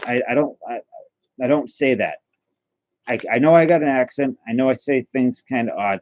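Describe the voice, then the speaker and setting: A man's voice: mid-range voice, normal speed, pauses often, darkish tone. A man hosting a casual livestream, chatting and answering his viewers as he goes. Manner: chatty, answers chat messages aloud, stumbles and restarts. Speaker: livestream host opening trading cards.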